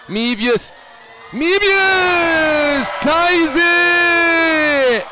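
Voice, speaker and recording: A man giving live basketball play-by-play, excitable and rising to shouts on big plays. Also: sits high, a little hiss or hum. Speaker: play-by-play commentator.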